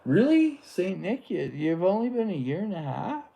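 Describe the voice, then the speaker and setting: A man's voice: sits high, sing-song, normal speed, vocal fry, highs cut off. A man hosting a live stream, talking in a rambling, laid-back way with lots of fillers. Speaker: livestream host. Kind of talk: casual live-stream chat.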